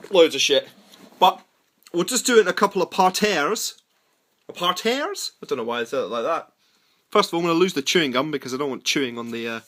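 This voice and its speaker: A talkative man with a fairly high voice, going through a haul of toys. He rambles in a self-deprecating way and keeps things loose and casual. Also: fairly bright tone. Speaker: toy collector vlogger. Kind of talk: casual unboxing chat.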